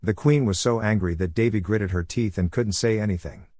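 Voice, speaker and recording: A man reading a manhwa recap as scripted story narration, in a flat, even delivery. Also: fairly low pitch, brisk, no echo.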